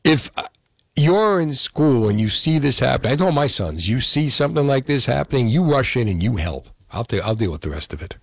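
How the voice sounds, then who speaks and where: A man's voice: mid-range voice, big pitch swings, fairly quick, no room sound. A male radio talk show host, delivering an indignant call-in monologue full of rhetorical questions.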